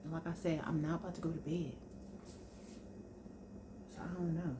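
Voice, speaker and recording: A young adult woman vlogging in a relaxed sit-down chat, telling stories informally and talking straight to her viewers. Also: sits low, moderate pace, noisy background. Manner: chatty, informal storytelling, addresses viewers as y'all.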